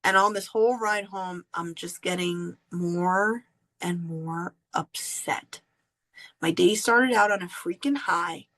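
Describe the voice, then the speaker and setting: A woman hosting a podcast, candidly telling a personal story in an animated way and laughing often. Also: on the low side, slow pace, poor audio. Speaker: podcast host.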